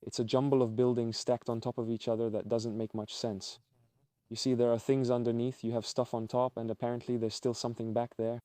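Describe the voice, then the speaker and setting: A man narrating an exploration vlog as he guides viewers around, talking in an excitable, exclamatory way. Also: medium pitch, fairly quick, smooth, no room sound. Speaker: urban explorer vlogger.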